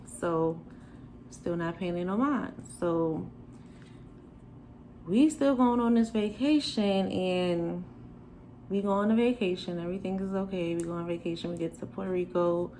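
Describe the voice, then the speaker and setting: A young woman from New York telling a storytime to the camera, animated and sassy, acting out the quoted lines. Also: on the low side, unhurried, a little hiss or hum, rough recording. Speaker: vlogger. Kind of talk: storytime chat.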